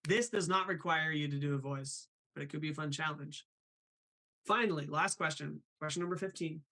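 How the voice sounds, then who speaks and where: A man's voice: a little high, fairly quick, pushed and bright. A man hosting a live show, chatting casually and apologetic, laughing often, with a guest on a call. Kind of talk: casual live-stream chat. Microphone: remote call over the internet.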